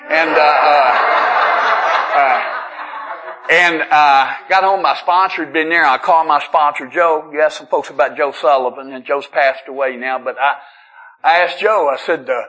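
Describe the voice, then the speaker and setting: A man's voice: fairly high pitch, normal speed, bright, forceful tone, rough recording. A middle-aged man speaking at a recovery meeting, telling his story in a casual, humorous way, often stammering and restarting. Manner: conversational storytelling with self-deprecating humor. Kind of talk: personal testimony talk. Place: meeting room.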